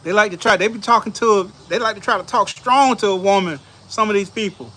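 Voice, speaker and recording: A man hosting a casual show, telling stories in an animated, laughing, slangy way, outdoors on a back porch. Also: sits high, fairly quick. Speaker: show host. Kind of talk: casual storytelling chat.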